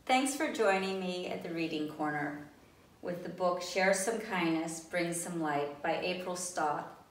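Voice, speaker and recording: A woman reading a children's storybook aloud in a gentle, friendly way, as a club member. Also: fairly low pitch, unhurried. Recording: roomy, distant, faint background noise.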